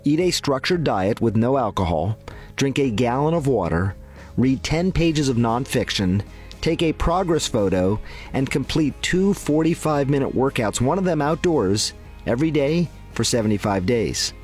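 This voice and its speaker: A man speaks in a calm, even, explanatory way, reading a scripted health segment. His pitch sits in an ordinary middle range, with faint music underneath. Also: normal speed.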